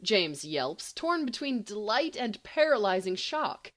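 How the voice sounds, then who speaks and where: A woman narrating a comic romance story in an expressive, playful amateur audiobook reading. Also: mid-range voice, a little slow. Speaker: podfic reader.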